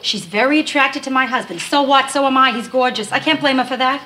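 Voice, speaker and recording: An anxious wisecracking wife. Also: female voice, high-pitched, bright, forceful tone. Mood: rattled. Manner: nervous, quick-witted, self-mocking. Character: anxious, wisecracking young married woman. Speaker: title character, wife. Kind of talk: 1970s sitcom acting. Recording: TV studio with audience laughter.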